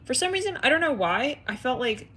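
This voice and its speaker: A woman's voice: high voice, big pitch swings, fairly quick, sharp tone, slight background noise. A woman hosting an astrology live stream, chatting in a rambling, giggly way with her viewers.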